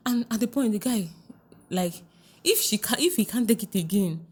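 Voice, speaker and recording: A woman relationship coach giving advice in a podcast interview, earnest and emphatic, repeating her key phrases and quoting others in a hushed voice. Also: fairly high pitch, very animated, measured pace, breathy edge.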